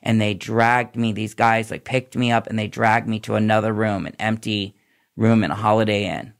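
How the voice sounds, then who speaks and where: Low gravelly man telling his story. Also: little pitch movement, normal speed. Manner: candid, tumbling run-on storytelling. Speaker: podcast guest, former nurse. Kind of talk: personal recovery story in a podcast interview.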